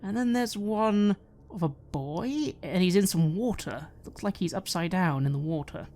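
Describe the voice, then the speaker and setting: A woman's voice: lowish voice, animated, normal speed, warm tone, a little hiss or hum. A woman running a tabletop game as game master, describing scenes and asking players what they do.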